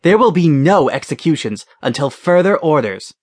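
A man's voice: fairly high pitch, sing-song, moderate pace, voice pushed up. A man reading an audiobook voices a tall female warrior commander who gives curt, commanding orders. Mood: stern.

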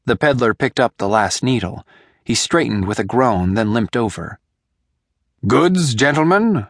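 A man narrating a young-adult fantasy audiobook in a measured, deliberate way. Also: on the low side, no echo, studio quality. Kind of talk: scripted narration.

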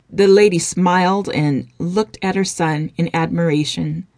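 A woman narrating a romance audiobook in an even, steady reading voice. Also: on the low side, unhurried, no room sound, studio quality.

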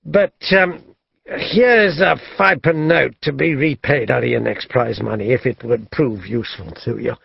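A man voicing a brisk, kindly middle-aged naval captain who speaks in hearty, clipped commands. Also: mid-range voice, creaky, slightly rough, no room sound, dull audio.

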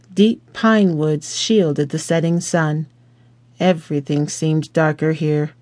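Slow, measured male audiobook narrator. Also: on the high side, a little mellow, no room sound. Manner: slow, measured, deliberate reading.

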